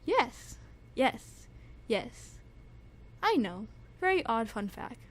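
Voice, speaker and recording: A woman casually reviewing her favorite songs, gushing with fangirl enthusiasm and rambling with lots of fillers and repeats. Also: slow. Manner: shrieks high with excitement at times. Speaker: music reviewer. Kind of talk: casual solo music review.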